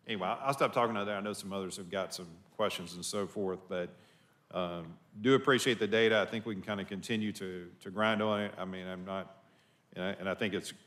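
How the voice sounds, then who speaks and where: Man, commissioner type, deep voice, rambling and hesitant at a public meeting. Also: fairly bright tone. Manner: halting, many fillers and restarts. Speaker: county commissioner. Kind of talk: public board meeting discussion.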